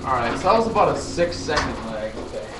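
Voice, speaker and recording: A man's voice: mid-range voice, sing-song, fast talker. A man chatting casually to viewers on a live stream, rambling and swearing now and then. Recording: roomy echo, faint noise.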